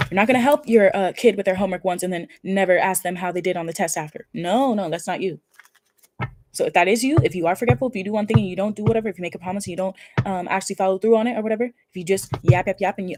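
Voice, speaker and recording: A woman reads tarot cards for her viewers in a quick, tumbling delivery. She is effusive and emphatic, with casual swearing, and her voice sits at an ordinary middle pitch. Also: darkish tone, slight background noise. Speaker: tarot reader. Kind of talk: casual pick-a-card tarot reading.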